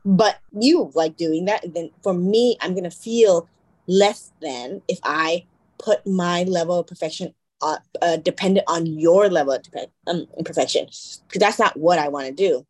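A woman's voice: on the low side, moderate pace, breathy edge, no echo, poor audio. A young woman co-hosting a podcast in casual chat, rambling and correcting herself as she goes. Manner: rambling, self-correcting, animated quoting. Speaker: podcast co-host.

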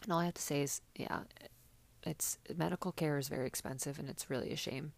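Chatty low-voiced woman with gravelly edge. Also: fairly even intonation, a little fast. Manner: chatty and sarcastic, many fillers. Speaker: podcast host recapping reality TV. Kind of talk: casual chat.

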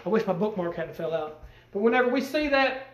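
A man's voice: sits high, lively intonation, fairly quick. A man preaching a sermon in a folksy, emphatic way, with rising bursts, to a church congregation. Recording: echoey room.

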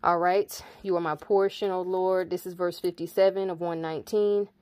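A woman's voice: on the low side, flat delivery, normal speed, a little mellow, no echo. A woman reading Bible verses aloud and breaking off to explain them in casual asides. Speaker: preacher reading scripture. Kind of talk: informal Bible reading with commentary.

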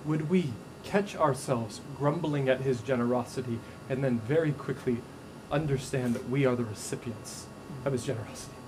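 A male pastor preaching a sermon to a congregation, animated and playful, acting out the voices in his stories. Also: medium pitch, moderate pace, noisy background. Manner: animated, acts out quoted voices with humor. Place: church stage before a congregation.

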